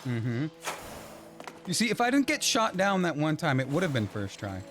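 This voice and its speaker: Speaking at a normal pace in a slightly high, very animated voice, a man provides live commentary on a platform game he's streaming from home. Game music runs underneath as he talks to himself and begs the game, growing frustrated.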